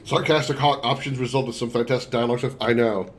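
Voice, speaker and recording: A man's voice: medium pitch, fairly even intonation, fast talker, a little hiss or hum. A male streamer chatting casually and laughing as he comments on a game he is playing, swearing now and then. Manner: chatty, giggly, profane.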